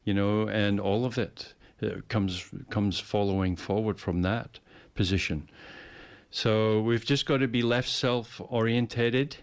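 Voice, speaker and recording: Man, low pitch, casual chat, rambling, repeats words. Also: steady tone, a little slow, clean tone. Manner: rambling, repeats words, puts on playful voices.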